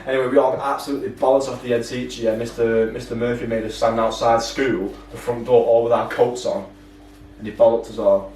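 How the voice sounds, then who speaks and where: A man's voice: medium pitch, little pitch movement, fairly quick, a little mellow. A young man, co-hosting a podcast in a laid-back, slangy way and laughing easily. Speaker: podcast co-host. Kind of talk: casual chat. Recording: roomy, distant mic, faint background hum.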